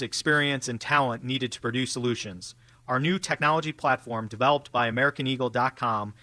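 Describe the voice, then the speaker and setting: A man reading a radio ad testimonial in an even, businesslike way. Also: medium pitch, no echo. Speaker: client giving an ad testimonial.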